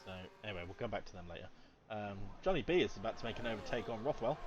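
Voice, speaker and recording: A man commentating live on an online racing league, lively and prone to sudden excited outbursts. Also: on the low side, very fast, muffled recording, background noise. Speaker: race commentator.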